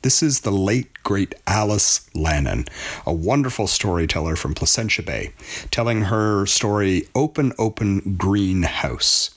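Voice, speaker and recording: Low-voiced male show host. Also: expressive, a little slow. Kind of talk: scripted introductions of recorded stories.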